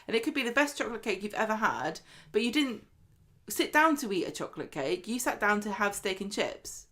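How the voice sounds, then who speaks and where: A woman, co-hosting a podcast in casual chat, animated and argumentative, often laughing. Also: medium pitch, fairly quick. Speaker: podcast co-host.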